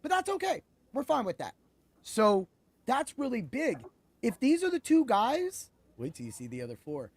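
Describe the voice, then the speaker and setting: A man hosting a podcast, talking excitably about fights in a rambling way that keeps correcting itself. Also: very high-pitched, normal speed, no echo. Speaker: podcast host. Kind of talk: animated sports betting chat.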